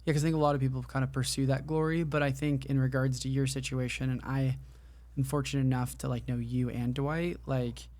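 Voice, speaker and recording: A man's voice: medium pitch, flat delivery, fairly quick, darkish tone. A man hosting a podcast interview, asking long winding questions full of "like.". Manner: leans on "like" as filler, talks in long winding questions. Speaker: podcast host. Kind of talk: casual interview chat.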